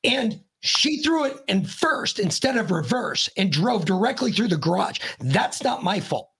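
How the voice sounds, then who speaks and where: A man, a podcast guest, telling a story in casual chat, blunt and profane, rambling and animated as he talks. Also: high-pitched, a little slow, gravelly.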